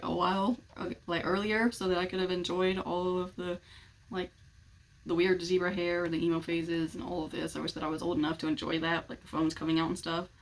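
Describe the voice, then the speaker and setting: A woman's voice: on the low side, fairly bright tone, slight background noise, low-quality recording. A young woman in casual chat to the camera, giggling often as she rambles and gushes. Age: young adult. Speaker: vlogger.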